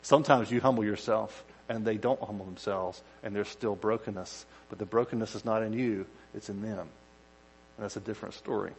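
A male pastor giving a conversational sermon, dropping to quiet asides and rising to loud acted-out shouts. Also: lowish voice, fairly even intonation, brisk, a little hiss or hum, poor audio.

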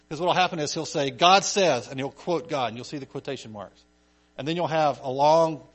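Conversational male Bible teacher. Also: a little high. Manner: conversational, checks in with "okay?" and "right?", animated emphasis. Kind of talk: casual Bible study teaching.

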